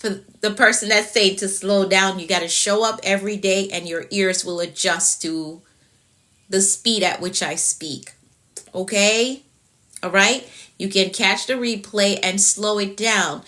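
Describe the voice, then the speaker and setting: A woman with a Jamaican accent, a productivity coach talking fast on a live stream and checking in with "okay?" after nearly every point. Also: medium pitch, steady tone, pushed and bright.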